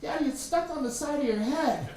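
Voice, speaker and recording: A man's voice: very high voice, animated, brisk, crowd noise, pitched above the performer's own voice. A man doing a tiny two-year-old boy. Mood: innocent. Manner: childlike. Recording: echoey room, distant mic.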